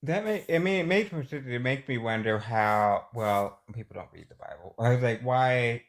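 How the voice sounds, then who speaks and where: Young male student guest, mid-pitched, halting and self-conscious. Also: expressive. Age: young adult. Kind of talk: casual chat.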